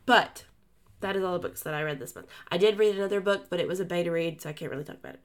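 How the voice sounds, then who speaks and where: A woman's voice: fairly low pitch, racing. Chatty woman co-hosting a book podcast. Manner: chatty, full of fillers and restarts. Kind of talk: casual book chat.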